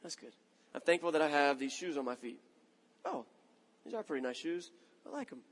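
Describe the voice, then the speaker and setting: Brief: pastor in his thirties, casual sermon storytelling, fairly high voice, long hall echo. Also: brisk. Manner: conversational storytelling, self-mocking, animated.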